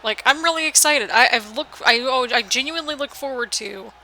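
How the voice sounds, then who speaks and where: A woman's voice: sits high, a little fast, sharp tone, slight background noise, poor audio. An American woman with a mixed northern, midwestern and southern accent, giving chatty, rambling play-by-play commentary over a video game. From United States. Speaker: gaming channel host.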